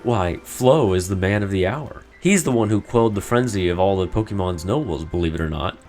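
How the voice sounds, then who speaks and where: A man voicing a friendly, smooth-talking young merchant, reading game dialogue aloud in a chatty, ingratiating way. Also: sits low, lively intonation, brisk, darkish tone, faint music behind.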